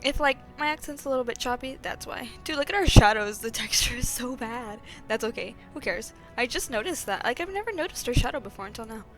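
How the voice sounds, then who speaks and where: Chatty, excitable woman streamer. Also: a little high, fairly quick, hardly any pauses. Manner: chatty, excitable, full of fillers like "dude" and "like". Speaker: let's play streamer. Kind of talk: casual gameplay commentary. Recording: faint game music behind.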